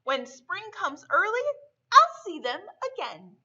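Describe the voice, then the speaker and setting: A woman's voice: extremely high pitch, very animated, takes it slowly, bright, forceful tone, muffled recording, pitched above the performer's own voice, heavily acted. A woman voicing a sleepy, stubborn male groundhog in a children's story. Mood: cheerful.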